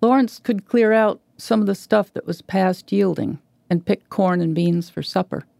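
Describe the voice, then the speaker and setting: A woman reading a short story aloud in a measured, even way. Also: mid-range voice, vocal fry, dry recording. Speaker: guest reader. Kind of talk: literary reading.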